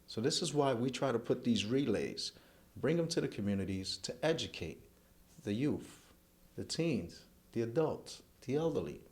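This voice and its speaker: A man's voice: medium pitch, expressive, normal speed. A middle-aged man, a charity event chairman speaking earnestly in an interview and running through long lists.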